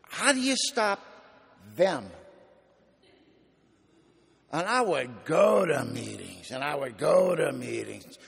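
A man's voice: on the high side, sing-song, takes it slowly, gravelly, long pauses, fairly bright tone, slightly rough. A man speaking at a recovery meeting, telling his story with gritty slang and dry humor. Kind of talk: personal testimony talk. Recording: echoey hall.

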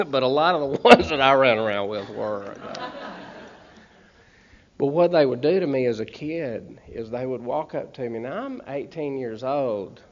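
A man's voice: medium pitch, animated, moderate pace. Folksy Southern man telling stories. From Montgomery, Alabama. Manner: folksy, keeps checking in with "okay?" and "man". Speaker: speaker sharing a recovery story. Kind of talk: humorous personal storytelling to an audience. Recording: slightly muffled recording.

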